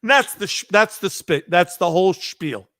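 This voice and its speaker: A male podcast host tells stories in a casual, animated way, slipping into the voices of the people he quotes. His voice sits a little high and sounds dry and close to the mic. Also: moderate pace, no room sound. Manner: animated storyteller, acts out quotes. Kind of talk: casual storytelling chat.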